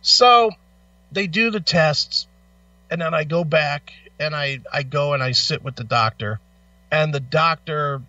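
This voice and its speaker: A man's voice: fairly high pitch, unhurried, no room sound. A man co-hosting a radio show, telling an angry, profane story in casual chat while in back pain. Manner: animated, swearing storyteller. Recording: distant, dull lo-fi mic.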